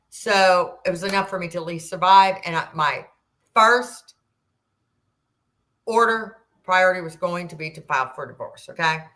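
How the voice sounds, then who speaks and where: A woman in her sixties, a podcast guest, telling a personal story in an animated way and acting out the dialogue. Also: on the low side. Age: 60s. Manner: animated, acts out quoted dialogue, rambling restarts.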